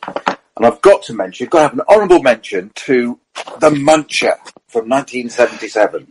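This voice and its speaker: A middle-aged man, a racing driver and co-host, telling lively anecdotes in casual chat and quoting others as he goes. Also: mid-range voice, fairly quick, a little hiss or hum, poor audio. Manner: lively storyteller, quotes others, self-corrects.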